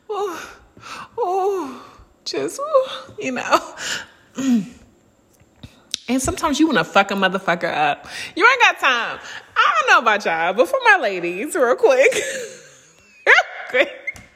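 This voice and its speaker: A woman in her thirties talking freely to her viewers, bawdy and quick to laugh. Her voice sits a bit high and swings widely, with drawn-out swooning sighs. The room around her leaves a long, ringing echo. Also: sharp tone. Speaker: vlogger. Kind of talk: casual monologue.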